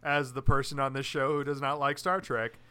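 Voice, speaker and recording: Bright clear-voiced guy cohosting a podcast, rambly, lots of restarts. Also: medium pitch, flat delivery, brisk, no echo. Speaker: podcast co-host. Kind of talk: casual chat.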